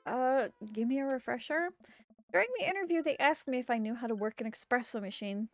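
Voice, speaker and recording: A woman's voice: on the high side, fairly quick, dry recording, faint music behind, natural voice. A woman doing a wry teen girl. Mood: storytelling. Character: sarcastic teenage girl, deadpan daughter.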